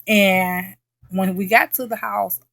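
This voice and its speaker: Emphatic woman vlogger, gravelly and dry. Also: medium pitch, steady tone, slow, a bit bright, no room sound. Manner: emphatic, repeats herself, checks in with "okay?". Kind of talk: casual late-night storytelling chat.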